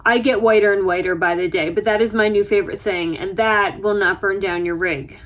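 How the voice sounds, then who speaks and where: A woman vlogger from the United States talking in a chatty, self-deprecating way, telling stories with lively asides. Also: mid-range voice, fairly quick. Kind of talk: casual chat. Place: RV interior.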